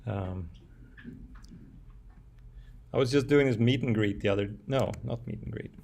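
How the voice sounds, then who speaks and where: A man's voice: mid-range voice, unhurried, creaky, darkish tone. A man giving a university lecture, thinking aloud with frequent fillers and restarts. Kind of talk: classroom lecture. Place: lecture room.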